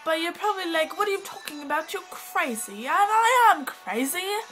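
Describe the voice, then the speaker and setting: Girl rambling at her webcam in a fake brit accent, high squeaky voice, giggly n all over the place, some faint music behind. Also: animated, moderate pace, fairly bright tone, low-quality recording. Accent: put-on mixed British accent. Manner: giggly, scattered, dramatic. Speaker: vlogger. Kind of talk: rambling casual vlog.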